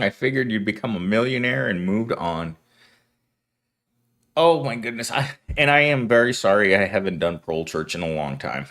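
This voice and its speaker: A deep-voiced man hosts a casual livestream. He rambles loosely between stories and breaks into chuckles, sounding worn out. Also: big pitch swings, normal speed, fairly bright tone. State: tired, just woke up. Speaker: livestream host.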